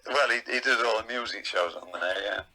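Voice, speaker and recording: An older man from England, a veteran comedian, telling rambling anecdotes in a relaxed chatty way. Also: fairly low pitch, fairly quick, low-quality recording. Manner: chatty, rambling anecdotes with playful voices in quotes.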